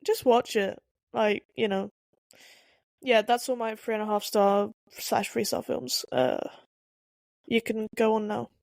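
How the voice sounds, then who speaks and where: A woman's voice: a little high, steady tone, unhurried, gravelly, pauses often, a little mellow, no echo, clean studio sound. A woman co-hosting a podcast, giving blunt, opinionated film reviews in casual chat with hesitant restarts. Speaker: podcast co-host.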